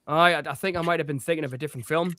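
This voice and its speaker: A man's voice: a little high, steady tone, very fast, a bit bright, dry recording, studio quality. A man co-hosting a casual film chat, talking enthusiastically and rambling with frequent laughter. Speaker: co-host.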